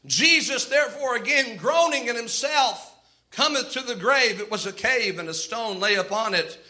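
A man's voice: very high-pitched, lively intonation, moderate pace, pushed and bright. A man preaching a sermon, telling the story with impassioned, dramatic rises and outbursts.

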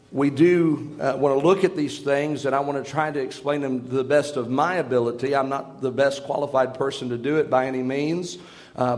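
A man preaching as pastor, praying and then starting a sermon, earnest and halting, with restarts and fillers. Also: mid-range voice. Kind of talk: prayer and sermon. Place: church sanctuary.

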